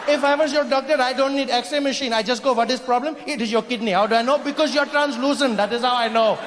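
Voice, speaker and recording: A man's voice: extremely high pitch, quick pace, noisy background, voice pushed up. A comedian on stage acting out a confident, teasing Indian man in a sing-song put-on Indian English accent, with a laughing crowd in a large hall. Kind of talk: stand-up comedy act-out. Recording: live theater, crowd laughter.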